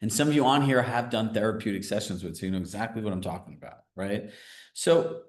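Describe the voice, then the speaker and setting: A man coaching a group live on a video call, talking in a casual, energetic way and often checking in with "right?". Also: fairly low pitch, fast, echoey room. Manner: energetic, conversational, filler-heavy with frequent "right?". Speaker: real estate business coach.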